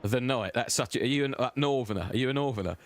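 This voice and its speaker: A man streaming a sim racing game live, chatting and joking with his viewers as he drives, his voice close and loud on his own desk mic. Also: medium pitch, very fast, vocal fry, dry recording. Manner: chatty, banters with chat, cheeky. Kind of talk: live-stream gameplay commentary.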